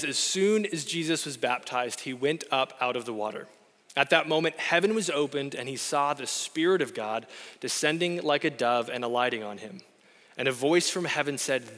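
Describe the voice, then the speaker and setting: Bright-voiced male pastor, echoey hall. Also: a little high. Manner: conversational storytelling, acts out dialogue. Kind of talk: sermon.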